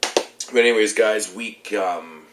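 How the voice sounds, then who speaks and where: A man's voice: lowish voice, slow pace, reverberant, background noise. A young man with a stuffed-up, congested voice, casually rambling through a movie review with loose, swearing chat.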